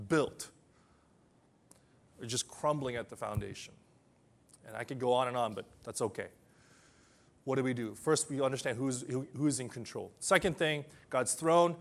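A man preaching a sermon, swinging between loud emphatic bursts and quiet, soft asides. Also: mid-range voice. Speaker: pastor.

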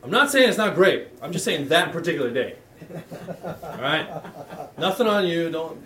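A middle-aged pastor preaches in a church hall, talking candidly and conversationally and frequently restarting sentences. His fairly high voice is animated, bright and forceful at normal speed. The room is echoey and he sounds distant.

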